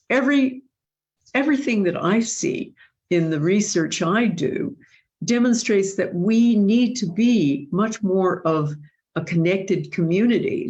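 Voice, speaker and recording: A woman hosting an online question-and-answer session, speaking in an earnest, thoughtful way with frequent restarts. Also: mid-range voice. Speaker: host. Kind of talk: live online Q&A discussion.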